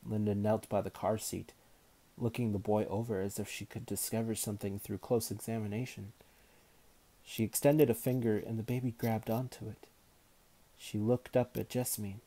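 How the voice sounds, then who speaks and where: A man reading a novel aloud as narrator in a measured, unhurried manner. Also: lowish voice, little pitch movement, mellow. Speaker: audiobook narrator.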